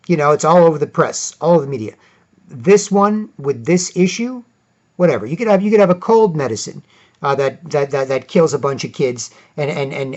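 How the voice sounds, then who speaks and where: A man vlogging opinionated commentary, reading out articles with sarcastic asides, rambling, and restarting often. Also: on the high side. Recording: dull lo-fi audio.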